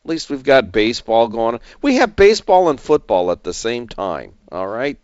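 A man's voice: mid-range voice, very animated, normal speed, darkish tone, no room sound, highs cut off. A middle-aged man hosting an investment show, talking in a rambling, chatty way with fillers and chuckles. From San Diego area. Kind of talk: casual market commentary.

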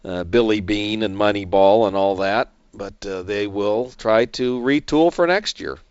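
A middle-aged man from the San Diego area hosts an investment show, offering casual market commentary in a rambling, chatty style full of fillers and chuckles. His voice sits fairly low and moves at a measured pace, smooth and without echo, though the audio is dull.

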